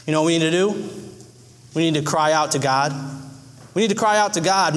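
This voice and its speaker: High-voiced earnest male preacher. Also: fairly quick, long pauses, big-room sound. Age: adult. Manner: folksy, earnest, acts out scenes. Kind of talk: sermon.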